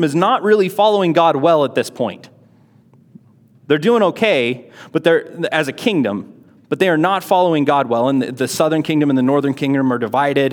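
A man giving a casual Bible lesson, reading passages aloud and explaining them in a chatty way with rhetorical questions. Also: on the high side. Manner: conversational, rhetorical questions, many fillers. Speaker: Bible teacher. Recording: long hall reverb.

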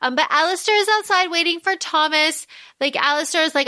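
A woman's voice: high-pitched, fairly quick, bright, forceful tone. A woman co-hosting a podcast in casual book chat, animatedly acting out characters' lines. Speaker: podcast co-host.

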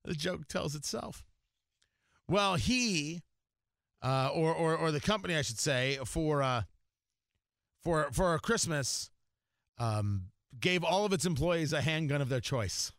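A man's voice: on the high side, expressive, takes it slowly, pauses often, a bit bright, no echo, studio quality. A man hosting a morning radio show in a casual, jokey way, rambling with lots of fillers and restarts. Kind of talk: casual talk radio chat.

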